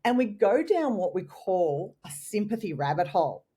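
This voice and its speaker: An Australian woman, a guest trainer in a podcast interview, telling lively stories and acting out customer and collector lines. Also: mid-range voice, moderate pace, slightly rough.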